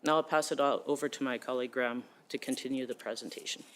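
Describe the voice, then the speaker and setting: A man presenting a committee report at a council meeting, reading haltingly with frequent restarts. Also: mid-range voice, fairly even intonation, a bit bright.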